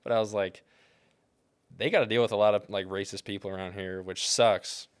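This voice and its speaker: Low-voiced young man telling stories. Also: steady tone, a little fast, clear, resonant tone. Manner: rambling storyteller, heavy use of "like". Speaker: podcast co-host. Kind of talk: casual chat.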